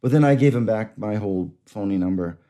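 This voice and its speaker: Mellow-voiced man telling a rambling story. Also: lowish voice, fairly quick. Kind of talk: casual storytelling chat.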